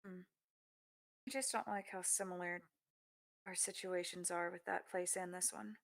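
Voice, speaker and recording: A woman player at a tabletop game, moving between speaking as her character and narrating what her character does. Her mid-pitched voice carries a gravelly, fry-laden edge. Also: little pitch movement, moderate pace. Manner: mixes in-character talk with third-person narration of her character.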